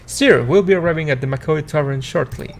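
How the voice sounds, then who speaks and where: A man's voice: fairly high pitch, brisk, creaky. A man voicing a timid, dutiful male servant who gives meek, deferential replies while reading game dialogue aloud.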